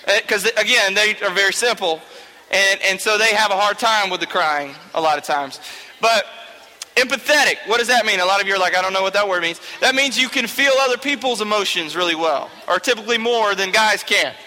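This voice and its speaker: Speaking briskly in a high-sitting, pushed and bright voice, a young man teaches a youth group in a casual, joking manner. He keeps checking in with "okay?" as the large hall adds long reverb.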